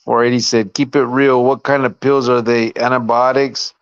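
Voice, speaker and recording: A man's voice: medium pitch, level tone, normal speed, clear, resonant tone, dry recording. A man hosting a casual podcast, laid-back, reading viewer comments aloud and laughing often. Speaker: podcast host. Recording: dry, slightly dull lo-fi sound.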